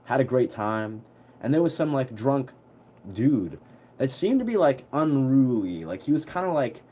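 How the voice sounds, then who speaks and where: A young man telling a story on a livestream in a relaxed, rambling way, full of fillers. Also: medium pitch, measured pace. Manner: rambling, heavy on fillers, laid-back.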